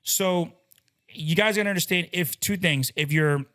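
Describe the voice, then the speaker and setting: A man co-hosting a casual podcast as a loan officer, explaining loan terms in quick lists and acting out the people in his stories. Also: sits high. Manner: animated, acts out quoted people mid-story.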